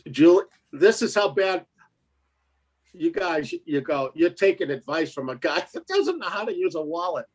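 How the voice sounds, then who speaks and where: A man's voice: a little high, sing-song, moderate pace, husky. A man telling a story in casual chat, laughing often and acting out the other voices in it. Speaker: co-host.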